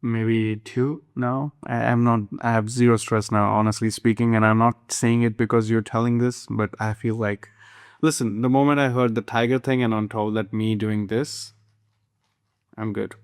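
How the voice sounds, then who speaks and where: A man hosting an interview, talking in a relaxed, candid way. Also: mid-range voice, moderate pace, clean tone. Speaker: talk show host. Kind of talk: casual interview chat.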